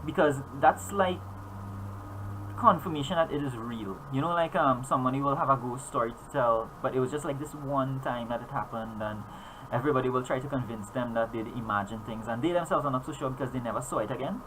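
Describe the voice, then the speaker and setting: A man's voice: medium pitch, a little fast, a bit bright, slight background noise, poor audio. A man narrating as game master, rambling with frequent fillers and restarts.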